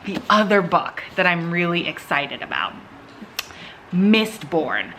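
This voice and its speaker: A young woman chatting excitedly in a casual reading vlog from home. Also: on the low side, slow pace, background noise. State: out of breath. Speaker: vlogger.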